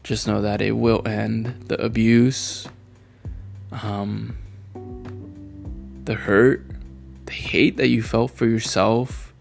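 A young man in his twenties talks slowly and tearfully to his younger self, his gravelly voice full of long pauses. Faint music plays softly behind him. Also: lowish voice, flat delivery. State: crying. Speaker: vlogger.

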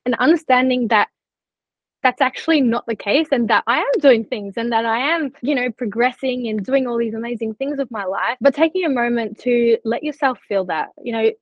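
A woman's voice: a little high, moderate pace, dry recording. Reflective young woman, lo-fi podcast audio. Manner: reflective, open, laughs often. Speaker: scholarship recipient guest. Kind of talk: casual interview chat.

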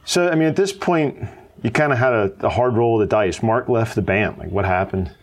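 A man's voice: lowish voice, brisk. A man hosting a podcast who reacts briefly and asks short follow-up questions. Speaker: podcast host.

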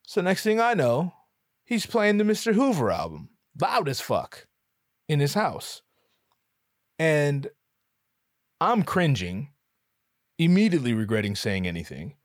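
A man's voice: a little high, huge pitch swings, measured pace, long pauses, no echo, clean studio sound. A man, a musician and photographer, telling a comic story in a rambling, profane, self-mocking way. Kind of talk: comedic storytelling.

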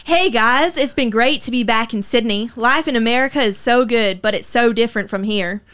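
A woman's voice: on the high side, brisk, a bit bright, smooth, lightly acted. A woman reading a young woman's lines in a comedy skit in her own voice, giggly and playful. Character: young woman Amy back from America.

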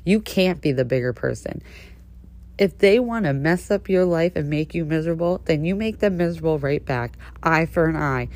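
At a normal pace, a sassy woman with a low voice hosts a podcast and spins a casual storytelling monologue. Petty and animated, she keeps addressing listeners as honey.

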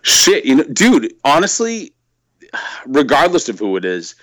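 Slow, laughing podcast guy. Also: a little high, huge pitch swings, fairly bright tone, no echo, rough recording. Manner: rambling, laughs a lot, swears freely. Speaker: podcast co-host. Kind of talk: casual wrestling chat.

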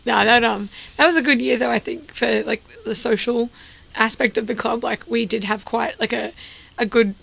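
Bright gravelly-voiced woman. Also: on the high side, fairly even intonation, moderate pace. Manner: chatty, laughs often, many fillers. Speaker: podcast guest. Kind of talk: casual chat.

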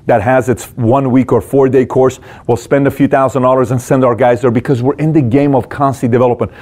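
A man's voice: mid-range voice, steady tone, fairly quick, darkish tone. A man who leads a company, giving a motivational business talk in a direct, punchy way, full of rhetorical questions. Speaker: business leader teaching management.

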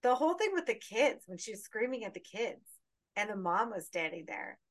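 A woman co-hosting a casual podcast chat, with a voice at an ordinary middle pitch. She talks in an animated way, laughs often and swears freely. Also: normal speed. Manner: animated, laughing, profane storytelling. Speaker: podcast co-host.

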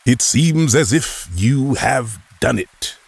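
A man doing a slow, gravelly mysterious narrator. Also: mid-range voice, animated, dry recording, heavily acted. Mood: ominous, theatrical. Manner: slow, theatrical, drawn-out delivery. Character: mysterious, grand male narrator greeting a wanderer. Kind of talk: dramatic outro narration.

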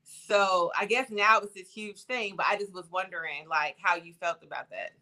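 A woman co-hosting a casual chat podcast, relaxed and talkative with lots of fillers. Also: lowish voice, moderate pace. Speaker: podcast co-host.

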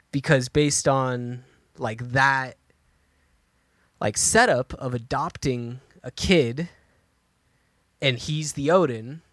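A man's voice: medium pitch, no room sound, clean studio sound. A man co-hosting a podcast, chatting casually and thinking aloud as he goes, with many restarts. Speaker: podcast co-host. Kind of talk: casual chat.

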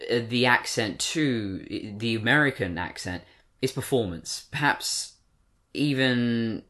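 A man's voice: mid-range voice, unhurried, sharp tone. A man in his twenties with an English accent, talking in casual discussion, rambling with many fillers and self-corrections. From born in Britain, raised in Australia. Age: 20s. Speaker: podcast co-host.

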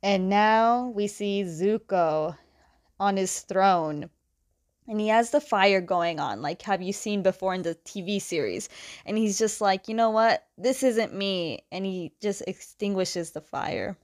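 A woman's voice: medium pitch, measured pace. A woman casually retelling a comic book story in a chatty way, often saying "like" and laughing between plot points.

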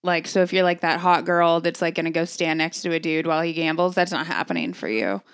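A young woman co-hosting a casual chat, telling stories in an animated, profane way. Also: low-pitched, fast, smooth, no room sound. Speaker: podcast co-host.

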